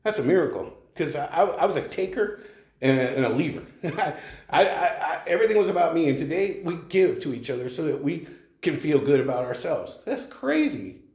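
A man's voice: a little high, brisk, a little mellow. A middle-aged man giving a candid, conversational personal testimony at a recovery meeting, speaking from a podium with frequent chuckles. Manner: candid and conversational, leans on "you know", chuckles often. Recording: roomy room echo.

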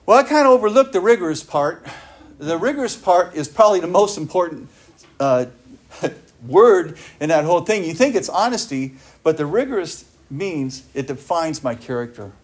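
Earnest man giving a recovery talk, slightly high. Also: expressive, normal speed. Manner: earnest, emphatic, asks rhetorical questions. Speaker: recovery speaker.

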